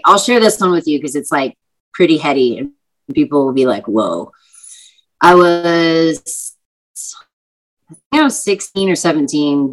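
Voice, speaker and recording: Low-voiced chatty young woman. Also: fairly bright tone, poor audio. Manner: chatty, many "like" fillers, vivid retelling. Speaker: actress and singer, guest. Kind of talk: casual interview storytelling.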